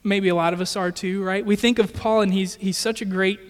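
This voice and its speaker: Higher-pitched male preacher in a reverberant hall. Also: fairly even intonation, brisk. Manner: earnest, conversational with rhetorical "right?". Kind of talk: sermon.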